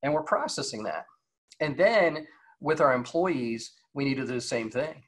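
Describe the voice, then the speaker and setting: A man's voice: medium pitch, expressive, moderate pace. A man in his forties giving a casual motivational talk over a video call, conversational and full of fillers and rhetorical questions. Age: 40s. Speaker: guest speaker on leadership.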